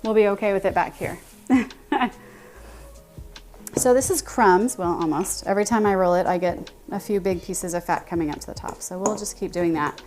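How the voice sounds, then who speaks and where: A chatty woman in her thirties hosts a casual baking livestream from her home kitchen. She talks at an ordinary pitch, greets viewers and reads their chat aloud, and laughs often. Faint music plays behind her. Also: moderate pace, a little mellow. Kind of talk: casual live-stream chat while baking.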